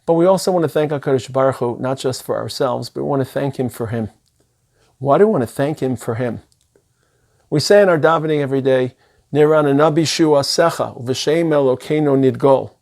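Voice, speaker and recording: Earnest middle-aged rabbi preaching. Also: male voice, mid-range voice, a little fast, vocal fry, darkish tone. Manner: earnest, emphatic delivery sprinkled with Hebrew and Yiddish terms. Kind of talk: sermon.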